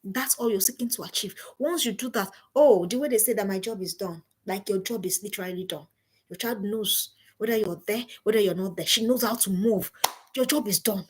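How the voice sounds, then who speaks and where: Using a home streaming setup, a middle-aged parenting coach delivers a forceful live-stream talk on parenting and keeps repeating her main phrases. She speaks briskly in a husky, fairly high-pitched voice.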